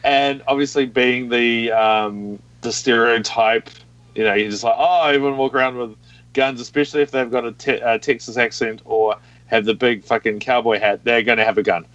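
A man's voice: mid-range voice, steady tone, moderate pace, fairly bright tone, dry recording. Kiwi guy on a podcast, laughs a lot, swears, kinda muffled call audio. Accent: New Zealand. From New Zealand. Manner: laughs often, swears freely. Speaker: podcast guest. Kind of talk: casual chat.

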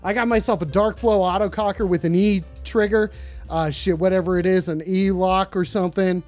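A live-stream host in their thirties taking phone calls, talking in a loud, profane, casual way and often bursting into shouts. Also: mid-range voice, brisk, faint music behind. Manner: excitable, swears constantly, bursts into shouting.

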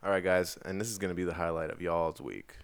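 A man's voice: deep voice, steady tone, fast talker, vocal fry, heavy background noise. A man co-hosting a podcast in casual comedic chat, profane and jokey, slipping into mock accents and sung bits. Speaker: podcast co-host.

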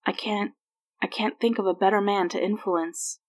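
A woman's voice: medium pitch, fairly even intonation, moderate pace, lightly acted. A woman reading aloud and voicing a remorseful grown man who stammers and repeats himself as he struggles with his feelings. She keeps close to her own voice. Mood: emotional. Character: remorseful grown man, emotional former agent.

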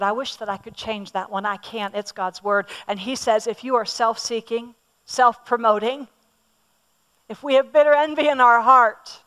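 Woman preacher, high pitch, personal and emphatic sermon delivery. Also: fairly bright tone, clear, resonant tone. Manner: personal, emphatic, asks the audience questions; repeats words for emphasis.

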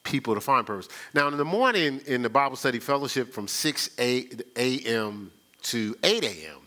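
A man's voice: medium pitch, expressive, normal speed, pushed and bright. A man preaching a conversational sermon, telling stories in a folksy, chatty way and often repeating himself. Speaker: pastor. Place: church sanctuary.

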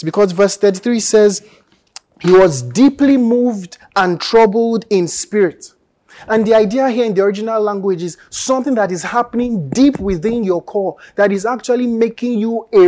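A man's voice: high voice, a little mellow. A man in his thirties with a Nigerian accent, preaching a sermon in an earnest, conversational way that builds to emphatic peaks. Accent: Nigerian English.

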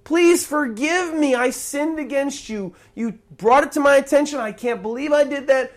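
A man's voice: very high-pitched, normal speed, voice pushed up. A preacher acting out a remorseful male servant who stammers and pleads for forgiveness. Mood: pleading.

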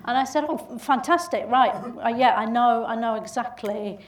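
Bolton woman chatting in an interview, bit high, laughs a lot, sounds off mic in a roomy space. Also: moderate pace, recorded from a distance. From England. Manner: chatty, laughing storyteller with restarts. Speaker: comedy actress guest. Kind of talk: casual interview chat.

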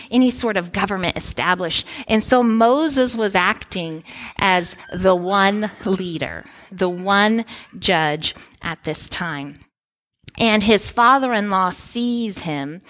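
A woman's voice: medium pitch, a bit bright. A woman in her thirties gives a sermon, telling personal stories in a conversational way with playful asides. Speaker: preacher.

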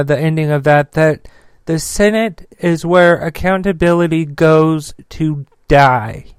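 A man's voice: on the high side, clear, resonant tone, no echo. Furious, profane male commentator. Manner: angry, profane, loud; filler-heavy. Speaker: political commentary host. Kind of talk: ranting political commentary.

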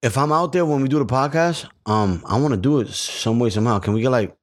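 A man trading crude, profane jokes as a podcast host, his voice sitting at a middling pitch. He talks loosely and irreverently. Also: quick pace. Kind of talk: casual podcast banter.

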